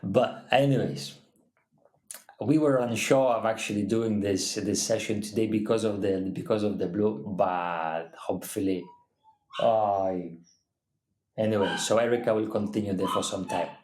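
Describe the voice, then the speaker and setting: A man co-hosting a casual livestream, talking in halting, non-native phrasing with many restarts. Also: on the low side, fairly even intonation, darkish tone. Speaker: co-host of a livestream. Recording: echoey room.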